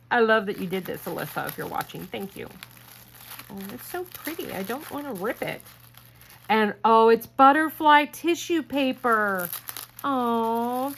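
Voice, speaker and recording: A woman's voice: a little high, expressive, gravelly, a bit bright, slight background noise. A woman hosting a craft channel, chatting casually while opening gifts, gushing and grateful, close to tears. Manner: gushing, grateful, slow and tearful at times. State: tearful, trying not to cry. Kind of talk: casual unboxing chat.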